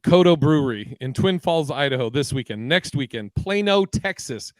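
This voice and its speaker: A man's voice: medium pitch, lively intonation, moderate pace, dry recording, low-quality recording. A man co-hosting a podcast, a comedian chatting casually and acting out quotes in different voices as he tells stories. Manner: storytelling, acts out quotes in voices. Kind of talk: casual chat.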